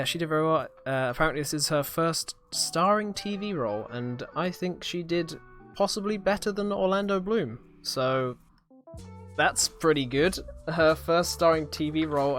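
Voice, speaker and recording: A man's voice: fairly high pitch, moderate pace, a bit bright, soft background music. A young British man hosting a live-streamed podcast, chatting casually and rambling through a review with lots of fillers and hesitations. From Britain. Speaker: podcast host reviewing a series.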